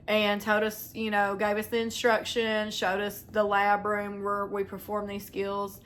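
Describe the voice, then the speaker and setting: A woman's voice: medium pitch, pushed and bright. A young woman, telling a long story to her viewers in a chatty, rambling way and acting out the voices of the people in it. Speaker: vlogger. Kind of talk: casual storytelling to camera.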